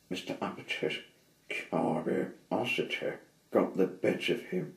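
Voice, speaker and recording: Slow, expressive male narrator for a children's tale; lively pitch, echoey room, set back from the mic. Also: vocal fry. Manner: slow, expressive, dramatic pauses. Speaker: storyteller. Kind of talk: children's story reading. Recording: roomy, slightly distant mic.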